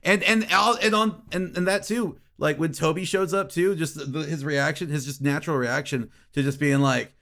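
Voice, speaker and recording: Excitable stammering man chatting. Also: a little high, moderate pace, few pauses. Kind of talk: casual podcast chat.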